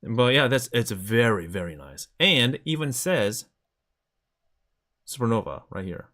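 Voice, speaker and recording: A man's voice: medium pitch, sing-song, measured pace, bright, forceful tone. A man chatting casually on a live stream, enthusiastically showing items to the camera.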